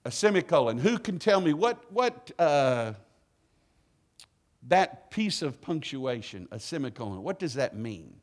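A man's voice: a little high, very animated, a little slow. A middle-aged man preaching a sermon in a church, joking and calling for responses from the congregation. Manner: playful, call-and-response with congregation. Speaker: guest preacher. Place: church sanctuary.

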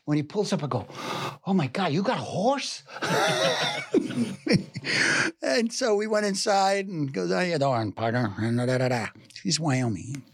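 Older New York man spinning anecdotes, wildly up and down in pitch, dry close sound. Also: no room sound. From New York City. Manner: lively storyteller who acts out voices and scenes. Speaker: actor telling stories. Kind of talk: animated anecdote in an interview.

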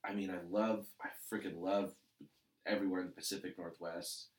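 A man's voice: low voice, steady tone, brisk, distant mic. A male comedian from Los Angeles, telling stories in a rambling, profane way with lots of fillers and restarts. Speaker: comedian guest. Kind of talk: casual storytelling chat. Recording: roomy sound, off-mic.

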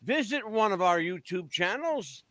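A man's voice: high-pitched, big pitch swings, unhurried, pushed and bright, no room sound. A man hosting a podcast, reeling off plugs in a joking way with crude asides. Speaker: podcast host. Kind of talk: casual podcast chat.

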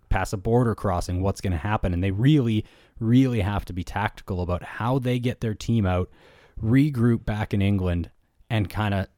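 A man with a lowish voice recaps a book for his co-host in easygoing conversation. He sprinkles in "like" and "you know" as he goes. The sound is close and dry. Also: no echo. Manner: relaxed storytelling with many "like" and "you know" fillers. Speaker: podcast co-host. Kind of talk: casual book review chat.

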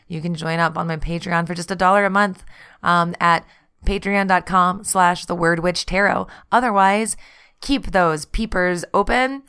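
A woman with a smooth, clear voice that sits on the lower side hosts her podcast as a tarot reader. She talks in an easygoing, chatty monologue and laughs often. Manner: chatty and warm-hearted, laughs often, says "y'all".

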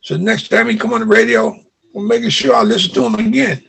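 A man's voice: high voice, quick pace, vocal fry, breathy edge. An older man, an interview guest telling stories and acting out the dialogue he remembers. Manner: animated retelling with quoted dialogue. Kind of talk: storytelling in an interview.

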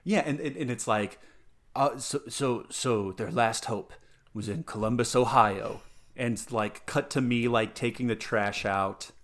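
A man's voice: mid-range voice, a little slow, fairly bright tone. A man ranting in casual chat as a podcast co-host, stammering through restarts and mocking people in put-on voices.

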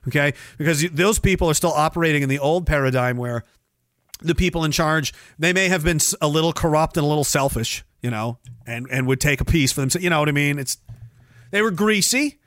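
A man's voice: brisk, a bit bright, dry recording, clean studio sound. A man hosting a livestream, ranting in a profane, rambling way and mocking others with sarcastic put-on voices. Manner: sarcastic, mocks others in high mimicking voices. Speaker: livestream host.

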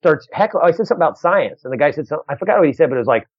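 A man working as a stand-up comedian, telling a story in a casual, animated way, restarting phrases and acting out the people in it. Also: a little high, slightly rough, dry recording. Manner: animated, quick restarts, acts out other voices. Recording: dull lo-fi dry recording.

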